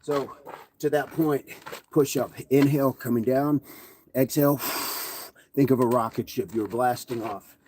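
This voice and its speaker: A man coaching a livestream workout, slightly out of breath and sighing between sets. He talks slowly in a warm, mellow voice while counting reps and calling out viewers' names. A faint hiss of noise sits behind him. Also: medium pitch, fairly even intonation. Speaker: fitness livestream host. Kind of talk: live workout coaching, reading chat.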